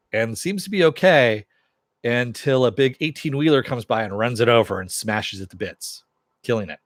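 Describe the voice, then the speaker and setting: A man's voice: medium pitch, no room sound, clean studio sound. A man casually recapping a TV episode in a chatty way, chuckling and acting out characters' lines in a raised voice. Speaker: TV episode reviewer.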